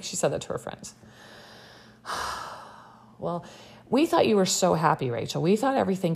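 Young woman, low and gravelly, sarcastic chatty recap host. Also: darkish tone. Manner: chatty and sarcastic, many fillers. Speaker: podcast host recapping a reality show. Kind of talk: casual chat.

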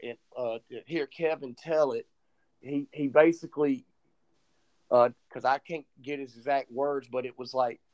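Guy on a podcast telling a story, gets animated, voices the people he quotes. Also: mid-range voice, a little slow. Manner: animated retelling, acts out quoted dialogue. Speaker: podcast co-host. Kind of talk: casual storytelling chat.

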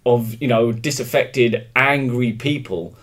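An English man talking as a guest in a relaxed interview, his voice sitting at an everyday middle pitch. He speaks emphatically and with strong opinions, circling back and restarting as he works through his thoughts. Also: a little slow. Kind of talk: casual conversational interview.

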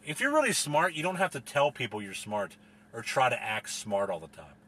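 A man's voice: on the low side, sing-song, moderate pace, a bit bright, husky. A man from the US delivering a profane, rambling, exasperated comedic rant as a solo podcast host.

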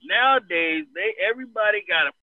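A man from Los Angeles telling loud, profane stories in casual chat, laughing and quoting others. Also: high-pitched, animated, fairly quick, no echo. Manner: loud, profane storytelling with laughs and quoted voices. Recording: dry, phone-like narrow sound.

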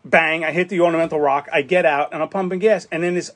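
A man's voice: fairly high pitch, fairly even intonation, quick pace, fairly bright tone. Rambling, cursing man telling a story. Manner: rambling, profane, acts out quotes. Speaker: podcast co-host. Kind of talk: casual storytelling chat.

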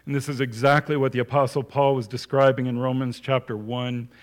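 A man preaching in a steady, mid-pitched voice. He reads scripture aloud and then explains it with emphasis. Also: fairly quick. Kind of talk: sermon.

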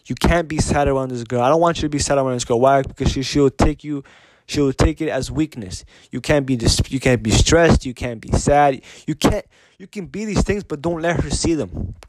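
A man's voice: medium pitch, brisk, a little mellow, no room sound. Blunt, profane man talking off the cuff. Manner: repetitive, profane, keeps asking "you know what I mean"; blunt and insistent, restarts sentences often. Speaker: podcast host giving dating advice. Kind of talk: casual unscripted monologue.

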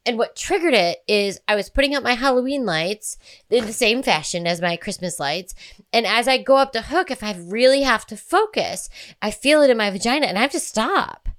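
A woman's voice: fairly high pitch, animated, brisk, fairly bright tone. A woman in her thirties co-hosting a podcast, chatting in a rambling, giggly and frank, crude way. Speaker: podcast co-host. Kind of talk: casual chat.

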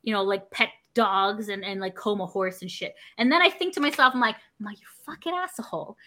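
A woman's voice: mid-range voice, fairly quick. A woman from Canada chatting casually, swearing and acting out quoted conversations. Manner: animated, swearing, acts out quotes. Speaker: performer and streamer. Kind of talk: casual chat.

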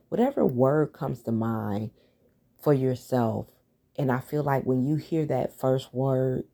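A woman hosting a solo podcast, talking through her plans in a relaxed, reflective way with lots of fillers and restarts. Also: rumbling low. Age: adult, has a daughter. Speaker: podcast host. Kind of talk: casual solo podcast talk.

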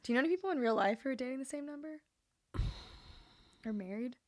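A woman's voice: high-pitched, animated, fast, a little mellow, dry recording, clean studio sound. A young woman co-hosting a podcast in casual chat, eager and full of "like" fillers. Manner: enthusiastic, lots of "like" fillers. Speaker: podcast co-host.

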